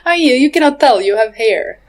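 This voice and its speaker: A woman's voice: sits high, animated, brisk. A woman co-hosting a podcast in casual chat, teasing and rambling with lots of fillers and laughter. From Albania. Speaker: podcast co-host. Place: lives in England, near Leicester.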